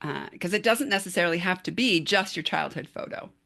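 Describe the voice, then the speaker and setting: A woman's voice: on the low side, animated, a little fast, gravelly, pushed and bright. A woman coaching a group over a video call, speaking in an encouraging, effusive way. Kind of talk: casual group coaching talk.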